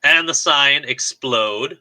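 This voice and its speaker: A man's voice: medium pitch, takes it slowly, bright, forceful tone, no room sound, rough recording. A man co-hosting a podcast, recapping a movie in casual chat with lots of fillers. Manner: rambling recap with many fillers. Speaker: podcast co-host.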